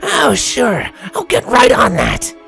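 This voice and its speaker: A man's voice: high voice, huge pitch swings, moderate pace, gravelly, faint music behind, voice pushed up, full character voice. A man voicing a brash, hot-tempered young pegasus filly who talks in a snappy, aggressive way. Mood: angry.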